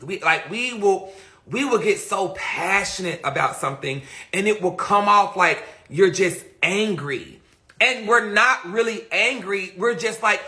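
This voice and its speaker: A woman with a lowish, bright, forceful voice hosts a casual live stream, picking up audio through a phone or webcam. She reads out viewer comments and talks bluntly and profanely, repeating fillers again and again.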